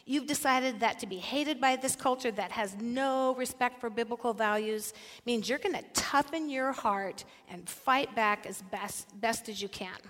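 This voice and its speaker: A woman's voice: on the high side, unhurried. An older woman giving a sermon-style talk to a Christian women's gathering, telling stories with animation and putting direct questions to her listeners. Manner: animated storyteller, puts direct questions to the audience. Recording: echoey hall.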